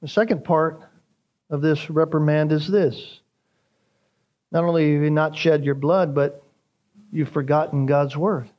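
A male pastor delivering a sermon with a fairly high voice. He preaches emphatically, lifting his pitch to stress key phrases. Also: steady tone, measured pace, pauses often, a little mellow.

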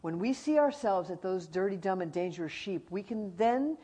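A woman's voice: medium pitch, lively intonation, moderate pace, warm tone, breathy edge. A middle-aged woman teaching from the Bible, telling stories with energy and acting out animals and friends.

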